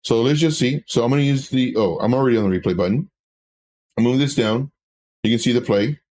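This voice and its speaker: A man's voice: mid-range voice, fairly quick, darkish tone, a little hiss or hum. Casting: man, trading-stream host, loose rambling storyteller, casual chat at the desk. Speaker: crypto trading educator.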